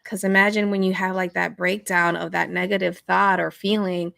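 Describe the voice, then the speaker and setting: A woman's voice: on the low side, little pitch movement, moderate pace, vocal fry, fairly bright tone, no room sound, studio quality. A woman co-hosting a casual podcast chat, earnest and slangy with plenty of fillers. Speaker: podcast co-host.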